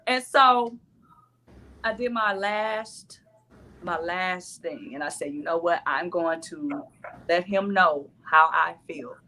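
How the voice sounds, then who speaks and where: A woman's voice: lowish voice, bright, forceful tone. A woman, a former dating show cast member, telling her story in casual chat and acting out her own quoted lines.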